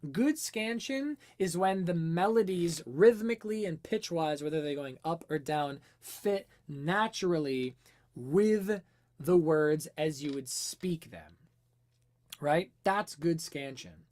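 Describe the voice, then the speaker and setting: A woman with a lowish voice hosts a music-analysis livestream and breaks songs down in a loose, conversational way. She thinks out loud, stops to answer viewers' questions, and leans on fillers as she goes. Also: lively intonation, slow. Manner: chatty, explaining, answering chat questions, many fillers. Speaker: music teacher and livestream host.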